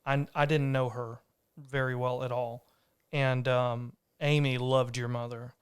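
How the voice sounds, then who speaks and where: A man's voice: medium pitch, little pitch movement, unhurried, clean tone, no echo, clean studio sound. A man, hosting a podcast and telling a personal story in an earnest, rambling way with restarts. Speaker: podcast host. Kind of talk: casual conversational storytelling.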